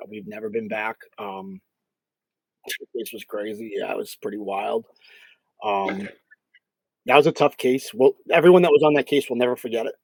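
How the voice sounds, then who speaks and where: A man's voice: fairly low pitch, normal speed, creaky, pauses often, breathy edge, no echo, low-quality recording. New man telling a ghost story. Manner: animated storyteller, many fillers and acted-out quotes. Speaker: paranormal investigator, interview guest. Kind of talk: casual storytelling in an interview.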